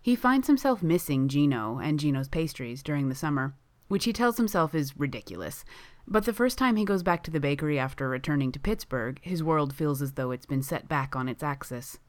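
A woman reading a story aloud in a calm, even storytelling manner. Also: sits low, a little fast, dry recording. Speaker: reader.

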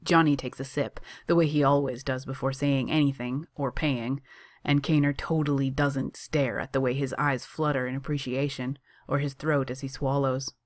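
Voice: mid-range voice, steady tone, moderate pace. A reader narrating a story in a chatty tone with sarcastic asides. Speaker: audiobook reader.

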